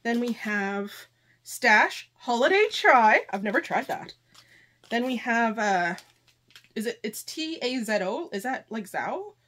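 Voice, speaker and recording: A high-pitched woman hosts a casual unboxing vlog. She sounds excitable and gushing, sometimes close to tears, and sometimes reads book blurbs aloud. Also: a little slow. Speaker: channel host.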